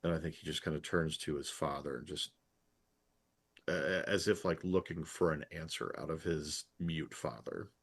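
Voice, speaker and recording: A man's voice: rumbling low, normal speed, breathy edge. A man playing a tabletop game who narrates his character in a thoughtful, tentative way. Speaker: player. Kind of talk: in-character tabletop role-play.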